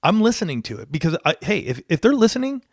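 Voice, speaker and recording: A man's voice: high voice, sing-song, fast talker, husky, dry recording. Earnest middle-aged man co-host, dry sound. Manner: earnest, emphatic, repeats words. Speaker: podcast co-host. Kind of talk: casual chat.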